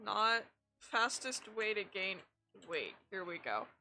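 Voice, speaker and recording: Woman, young, streamer, casual rambling chat, swearing, bright tone. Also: mid-range voice, sing-song, slow pace, faint music behind. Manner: blunt and profane, rambling. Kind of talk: casual chat while gaming.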